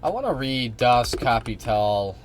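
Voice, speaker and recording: A man's voice: medium pitch, very animated, a little slow. A young man streaming, reacting to a clip in casual, rambling talk full of fillers and swearing. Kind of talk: live stream reaction commentary.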